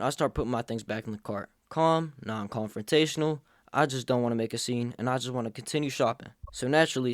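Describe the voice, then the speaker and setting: A young adult man hosts a comedic storytime vlog, telling his tale through sarcastic jokes. His voice is mid-range, and the studio sound is clean with no echo.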